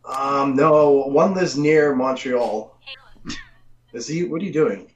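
A man's voice: mid-range voice, takes it slowly. A man from the Boston area co-hosting a podcast, joking around, swearing freely and laughing easily in casual banter. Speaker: podcast co-host. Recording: dull lo-fi sound.

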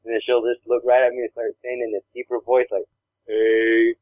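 Male co-host, rambling storyteller, mid pitch, dry narrow phone-quality audio. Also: flat delivery, quick pace, dry recording. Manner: rambling storyteller, acts out voices. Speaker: podcast co-host. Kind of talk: casual chat.

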